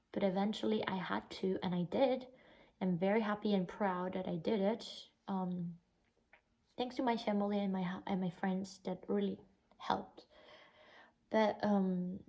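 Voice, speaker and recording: Mellow-voiced young Italian woman vlogging. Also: medium pitch, low-quality recording. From Italy. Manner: emotional, recounting a bad experience, lots of "like" fillers. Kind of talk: casual storytelling vlog.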